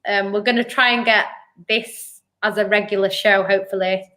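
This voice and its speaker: Bright-voiced woman chatting football. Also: medium pitch, steady tone, normal speed. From Manchester, England. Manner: chatty, argumentative, lots of "do you know what I mean". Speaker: co-host of a football fan show. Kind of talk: casual live-stream football chat.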